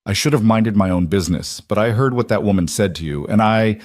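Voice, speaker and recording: A man voicing a polite, soft-spoken young cowboy who talks in a courteous, measured way. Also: fairly low pitch, no echo, natural voice. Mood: earnest. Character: polite, steady young cowboy, new in town.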